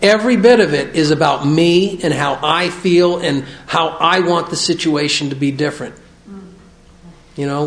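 The room's echo surrounds a middle-aged man whose gravelly, somewhat high voice confesses and pokes fun at himself. He's sharing openly with a recovery meeting, reading his remarks from notes.

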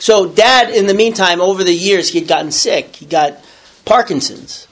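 A man's voice: sits high, normal speed, fairly bright tone. A middle-aged man telling a personal story in a casual, rambling way, with many restarts and self-corrections. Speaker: storyteller sharing a recovery story.

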